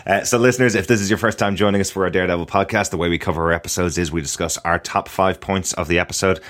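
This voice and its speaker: A man's voice: sits low, quick pace. A man with an Irish accent, hosting a casual podcast discussion and reading an episode synopsis, laughing often. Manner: animated, laughs often, reads synopsis aloud. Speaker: podcast host.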